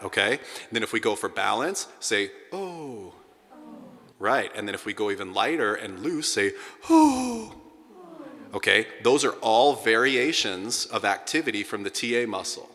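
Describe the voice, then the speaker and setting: A middle-aged man teaching a singing class, energetic and breaking into sung sounds to demonstrate. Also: on the low side. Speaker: vocal coach. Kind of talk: singing lesson to a group. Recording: hall with long reverb.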